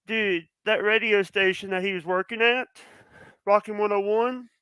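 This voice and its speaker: A man's voice: high voice, fairly even intonation, moderate pace, pushed and bright, clean tone, no room sound, poor audio. A man talking as a podcast guest in a casual chat, rambling and emphatic, often restarting his sentences.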